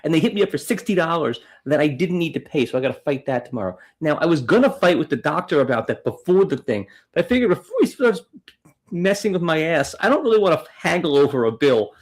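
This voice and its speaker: A man co-hosting a comedy podcast, cracking dry, deadpan jokes. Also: a little high, quick pace. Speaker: podcast co-host.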